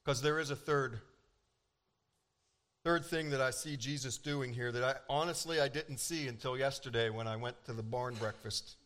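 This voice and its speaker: A man preaching a sermon as pastor, animated and emphatic, acting out quoted lines with dramatic pauses. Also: mid-range voice.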